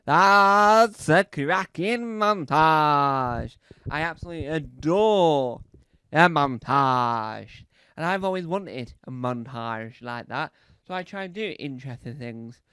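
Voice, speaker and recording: A man's voice: medium pitch, lively intonation, unhurried, fairly bright tone, clear, resonant tone, dry recording. A male comedian telling a rambling comedy monologue, full of restarts, asides and "right?" check-ins. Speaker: stand-up comedian.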